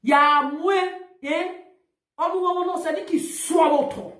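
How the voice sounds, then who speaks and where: A woman with a Nigerian Pidgin accent, scolding and insulting someone in a heated live-video rant full of loud exclamations. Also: extremely high pitch, unhurried. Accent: Nigerian Pidgin English. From Edo, Nigeria. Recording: echoey room.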